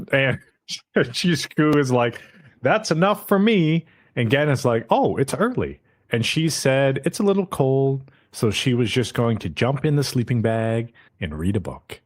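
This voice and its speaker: A man's voice: medium pitch, darkish tone. A man hosting a podcast, casually recapping an anime episode and acting out the characters' lines with frequent swearing.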